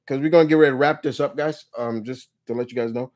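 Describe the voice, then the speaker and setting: A man's voice: medium pitch, steady tone, fast talker, a little mellow. Man, live Q&A host, casual chat, laid-back, laughs a lot, restarts sentences.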